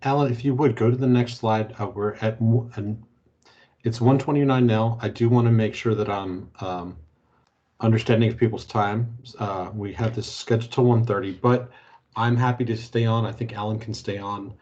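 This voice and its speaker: Low-voiced man hosting a training webinar. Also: fairly even intonation, darkish tone. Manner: easygoing, halting, with frequent fillers. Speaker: webinar organizer and moderator. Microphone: video call. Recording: muffled video-call audio.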